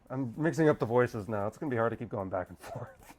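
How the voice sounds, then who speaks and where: A man's voice: medium pitch, lively intonation, quick pace, soft background music. A man playing through a visual novel, reading it aloud and making jokey, self-aware asides. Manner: jokey, self-aware, laughing between lines. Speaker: let's play gamer.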